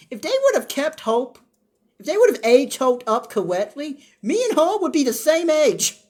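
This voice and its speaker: A woman's voice: high voice, big pitch swings, moderate pace, a little mellow. A woman in her twenties giving a blunt, opinionated, rambling review of a soap opera episode in casual chat. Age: 20s.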